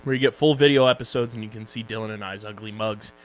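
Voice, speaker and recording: A man with a Philadelphia accent co-hosting a casual podcast, joking and running quickly through plugs and sponsor reads. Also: fairly low pitch, fairly even intonation, low-quality recording. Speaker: podcast co-host.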